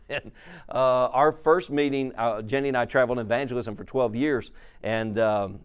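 A middle-aged man, an evangelist teaching at a conference, telling humorous stories in a folksy way and laughing at his own anecdotes. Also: mid-range voice.

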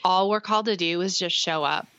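Young woman guest, earnest faith testimony, bright and clear tone, dry close sound. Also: on the low side, brisk, no room sound, muffled recording. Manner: earnest, animated storytelling with acted-out dialogue. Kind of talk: faith testimony in casual chat.

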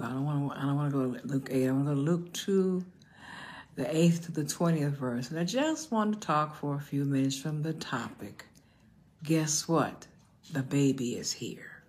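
An older woman pastor preaching a storytelling sermon, often dropping into hushed whispers for emphasis. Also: sits low, husky. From United States.

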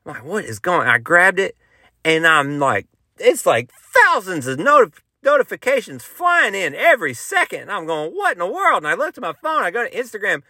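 A man's voice: high-pitched, huge pitch swings, normal speed, pushed and bright, no room sound, studio quality. A man with a Southern US accent, hosting a podcast and telling a joking, folksy tall tale in a casual storytelling style. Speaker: podcast host, country musician.

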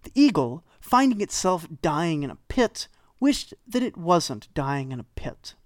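A narrator telling an ancient myth in a relaxed, conversational way, dropping in deadpan jokes along the way. The voice sits at a middle pitch and is recorded very dry and close. The telling moves briskly between plot and wry commentary. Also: dry recording. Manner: wry, dry humor and asides. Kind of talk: storytelling narration of an old myth.

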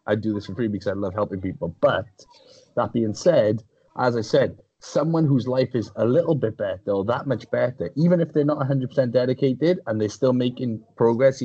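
A Welsh man chatting on a podcast with a husky, slightly breathy voice. He is blunt and sweary and often restarts his sentences. The sound is dry and a little dull, with no room around him. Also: mid-range voice, darkish tone, dry recording. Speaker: fitness coach. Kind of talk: casual podcast chat.

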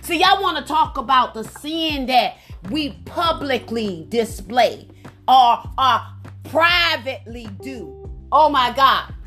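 A woman's voice: high-pitched, expressive, takes it slowly, fairly bright tone, soft background music. A woman minister preaching fervently on a prayer line, exclaiming often and repeating phrases for emphasis. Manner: calls on listeners by name for responses. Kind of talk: preaching sermon.

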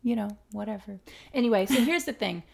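Gravelly-voiced chatty woman co-host. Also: medium pitch. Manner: chatty, storytelling, quick asides. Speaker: podcast co-host. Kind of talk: casual chat.

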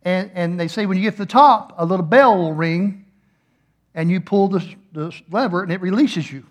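A middle-aged man, a pastor preaching a sermon and telling a funny story with animated, playful acted-out voices. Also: high voice, normal speed, muffled recording.

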